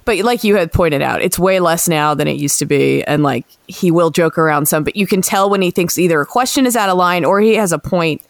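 A woman's voice: on the low side, brisk, vocal fry, few pauses, no room sound. A woman hosting a sports podcast, chatting casually with many fillers and laughs. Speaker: podcast host, sports reporter.

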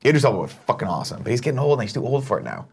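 Man, host, casual chat, fast, lively pitch, swears freely. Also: gravelly, slight background noise. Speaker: show host.

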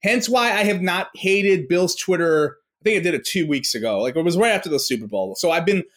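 A man's voice: high-pitched, animated, a little fast, fairly bright tone. A man from New York, a podcast guest, ranting in casual chat, cursing and restarting often. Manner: ranting, profane, full of fillers and restarts.

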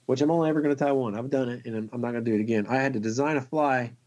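A man, a fly tier, telling a long story in a casual, excited, rambling way and laughing often. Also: medium pitch, very fast.

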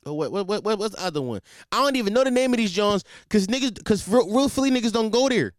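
Brief: young Philly man, high voice with wild swings, profane comedic rant, dry close sound. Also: fast, no room sound. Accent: Philadelphia. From Philadelphia, USA. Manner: animated, swings between shouting and muttering, repeats himself. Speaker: comedic ranter.

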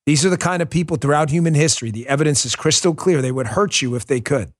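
Man, political show host, high-pitched voice, fiery ranting delivery. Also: fast. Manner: fiery, emphatic, repetitive ranting. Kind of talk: heated political monologue.

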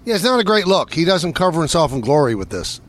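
A man's voice: fairly high pitch, big pitch swings, quick pace. A man co-hosting a sports talk show, arguing his point insistently in casual banter. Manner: defensive, insistent.

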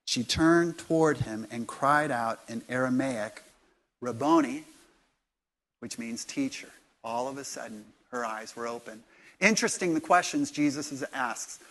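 A man preaching a sermon in a conversational storytelling way, sometimes dropping to soft, intimate tones. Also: mid-range voice, moderate pace. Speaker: pastor.

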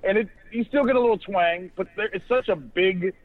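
A man's voice: sits high, fairly quick, narrow, tinny audio. A man hosting a sports podcast, talking in a loose, profane, rambling way with many restarts. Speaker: podcast host. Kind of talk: casual sports chat.

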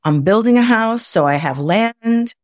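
A woman from the Midwest of the United States, a guest on a video call, telling lively anecdotes and acting out her own inner voice. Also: fairly high pitch, measured pace, dry recording, studio quality. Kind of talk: conversational storytelling. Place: home, indoors.

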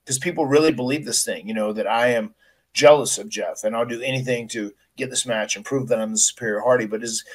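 A man's voice: mid-range voice, quick pace. Middle-aged male podcast host, conversational storyteller who stumbles and restarts, mid-range voice. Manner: storytelling, frequent restarts, emotional recollection. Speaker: podcast host, retired wrestler. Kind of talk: casual podcast interview.

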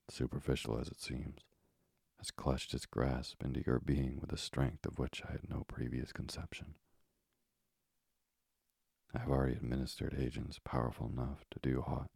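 A man's voice: rumbling low, vocal fry, a little mellow, breathy edge, no room sound, clean studio sound, exaggerated voice. A man voicing an intense scientist husband, whispery. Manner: impetuous, solemn, often whispered.

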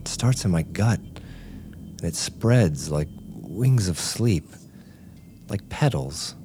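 A man narrating an audio drama in a hushed, drowsy voice, as if drugged and sleepy, sometimes dropping to a whisper. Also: sits low, expressive, slow pace, long pauses, background noise. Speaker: narrator and lead character. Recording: voice over loud music score.

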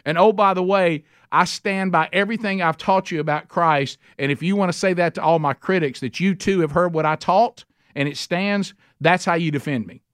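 A man's voice: high-pitched, normal speed, hardly any pauses, a bit bright, clear, resonant tone, dry recording, clean studio sound. A man teaching a men's Bible study, emphatic and conversational, often restarting his sentences.

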